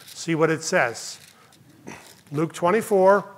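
Emphatic high-voiced male pastor. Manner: emphatic, slows down to stress lists of phrases. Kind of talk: sermon. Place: church sanctuary with congregation.

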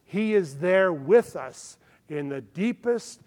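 A man's voice: high-pitched, animated, takes it slowly, a little mellow. A man pastor preaching a sermon in an earnest manner, often checking in with his listeners. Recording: long hall reverb.

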